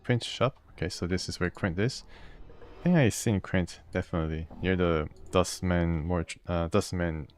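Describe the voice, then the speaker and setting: Man, very low voice, casual let's play commentary, reads game text aloud, faint music behind. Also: moderate pace. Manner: reads game text aloud, thinks out loud with fillers and laughs. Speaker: gamer.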